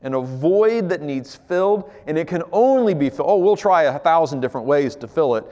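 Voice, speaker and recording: A man's voice: fairly high pitch, animated, a little fast. Preaching man in a reverberant church. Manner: swings from loud to hushed, acts out quoted voices. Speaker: pastor. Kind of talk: sermon. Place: church sanctuary. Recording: long hall reverb.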